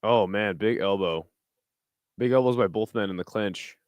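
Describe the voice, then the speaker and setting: A relaxed, foul-mouthed man hosts a late-night fight watch-along and trades jokes with his chat. His voice comes through smooth and clear, recorded dry on a close desk mic with no room sound. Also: fairly low pitch, moderate pace, dry recording. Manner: laid-back, profane, jokey asides to chat. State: tired, burping. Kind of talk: casual live commentary.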